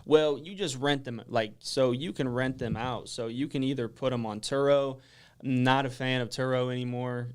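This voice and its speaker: A man's voice: medium pitch, normal speed, clean tone. A man being interviewed as a guest on a radio talk show, explaining things casually and filling his sentences with "like". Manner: relaxed, explanatory, lots of "like" fillers.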